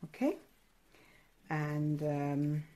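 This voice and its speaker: Low-pitched woman teaching kids a craft, slow and hesitant, lots of ums, gets excited. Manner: encouraging, hesitant with many fillers; addresses children directly, excitable. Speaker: art teacher. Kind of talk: step-by-step craft lesson.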